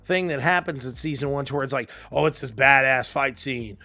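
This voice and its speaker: A man's voice: medium pitch, brisk, dry recording. A man hosting a casual gaming podcast from his home office, ranting loosely and swearing a lot. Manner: ranting, profane, animated. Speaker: podcast host.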